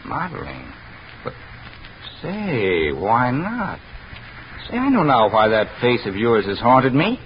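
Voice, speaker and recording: A man's voice: mid-range voice, huge pitch swings, slow pace, long pauses. Earnest painter guy, up and down voice, faint hiss, old radio. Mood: eager. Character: painter husband, eager then weary. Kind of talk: 1940s radio acting. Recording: dull lo-fi old radio recording.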